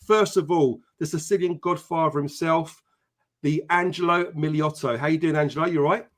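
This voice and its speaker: Male host, brisk and profane, slightly high voice, reeling off viewer shout-outs. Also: fairly even intonation. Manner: chatty and profane, greeting viewers by name. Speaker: podcast host. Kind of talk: casual live-stream chat.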